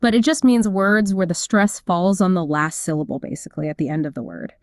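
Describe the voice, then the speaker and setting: A woman's voice: fairly low pitch, a little fast, darkish tone, no echo, studio quality. A woman co-hosting a casual explainer chat, upbeat and explanatory, with frequent fillers. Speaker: co-host.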